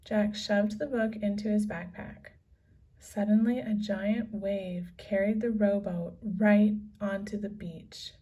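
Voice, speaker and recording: A woman reads a children's book aloud, unhurried and expressive, letting each sentence land. She speaks at a steady middle pitch. Her voice is picked up from some way off the microphone. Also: breathy edge. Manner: slow, expressive storytelling. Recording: distant from the mic.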